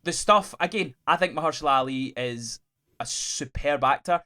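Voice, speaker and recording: Excitable man, slightly high voice. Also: moderate pace. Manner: excitable, emphatic, swears freely. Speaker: podcast co-host. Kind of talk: casual chat.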